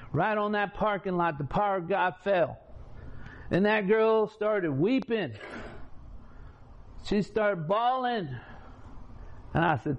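A man's voice: sits high, slight background noise. A man preaching a testimony, telling his story in a folksy, colloquial way and acting out the conversations. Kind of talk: preaching testimony, story told with quoted dialogue. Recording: dull lo-fi recording with faint room ambience.

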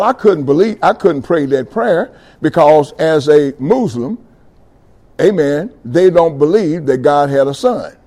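A middle-aged man giving a fervent testimony sermon, calling out to his audience and building to loud passages. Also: fairly high pitch. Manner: call-and-response with audience, rising fervor.

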